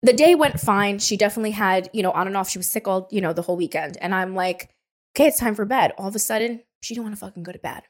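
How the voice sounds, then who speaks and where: A woman co-hosting a podcast, telling a story in an animated, casual way with laughter and swearing. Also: mid-range voice, fast, few pauses. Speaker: podcast co-host. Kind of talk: casual chat.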